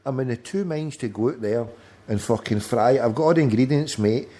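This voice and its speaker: A man's voice: mid-range voice, fairly quick, warm tone. A man, hosting a late-night phone-in, rambling in sweary chat and calling his friend "mate" often. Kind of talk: casual banter over a call.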